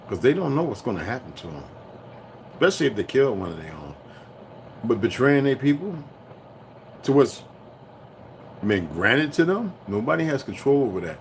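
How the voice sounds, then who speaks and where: A man ranting to his viewers in a loose, profane monologue that swings between heated outbursts and low muttering. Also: sing-song, normal speed, long pauses, a little hiss or hum. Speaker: vlogger. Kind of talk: rambling solo rant.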